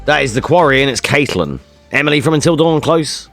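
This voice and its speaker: A man's voice: mid-range voice, animated, fairly quick, gravelly, fairly bright tone, faint music behind. Joking, swearing male streamer. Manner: joking, swearing, reacting to chat. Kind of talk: casual live-stream chat.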